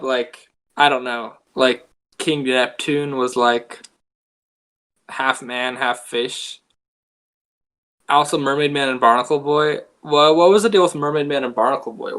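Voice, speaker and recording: A man giving a rambling deadpan comedy monologue, halting and full of restarts. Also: medium pitch. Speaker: comedy video creator.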